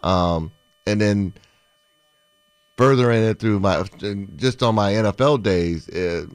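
A man, a former pro football player, co-hosting a casual sports talk show and explaining his points in a steady, conversational way. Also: on the low side, slow pace, smooth, no room sound.

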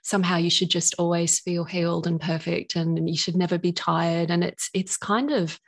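A woman's voice: fairly low pitch, steady tone, normal speed. A woman guest in an interview, talking earnestly and laughing often. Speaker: guest, author of oracle decks. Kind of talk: casual interview chat.

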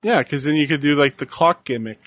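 A man's voice: on the high side, fairly quick, fairly bright tone. A man co-hosting a casual chat while watching wrestling, easygoing and teasing. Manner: easygoing, teasing, laughs often. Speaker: podcast co-host.

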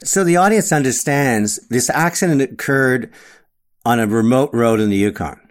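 A man's voice: medium pitch, normal speed. A man hosting an interview podcast, introducing his guest and asking direct questions. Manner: conversational, asks direct questions. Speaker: podcast host.

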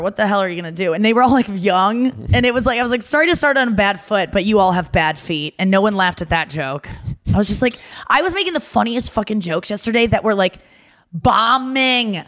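A woman's voice: mid-range voice, a bit bright. Chatty woman telling stories. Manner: chatty storyteller, many "like" fillers. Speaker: podcast co-host. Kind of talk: casual chat.

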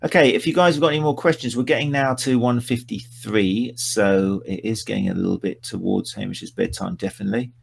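Man, host, low voice, gravelly, casual live chat, teasing, rambling. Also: a little fast, hardly any pauses. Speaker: podcast host.

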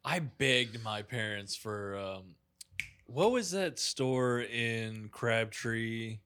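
Bright-voiced man in teasing banter. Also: medium pitch, lively intonation, extremely slow, smooth. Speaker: podcast co-host. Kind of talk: casual chat.

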